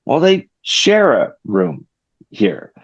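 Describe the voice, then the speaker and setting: Animated dad telling stories, muffled. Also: male voice, medium pitch, slow. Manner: animated storyteller, acts out his kids' voices. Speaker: podcast co-host. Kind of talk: casual podcast chat.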